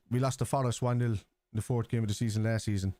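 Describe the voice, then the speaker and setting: A man's voice: on the low side, steady tone, fast talker, dark tone, dry recording. A man with a Scouse accent, hosting a football watchalong live stream, reading viewers' chat aloud and answering it in a casual, chatty way.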